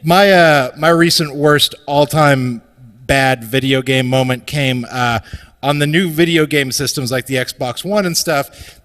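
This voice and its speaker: A man's voice: a little high, a bit bright, big-room sound. A man hosting a live comedy show, telling a rambling, profane, self-deprecating story and introducing acts on stage.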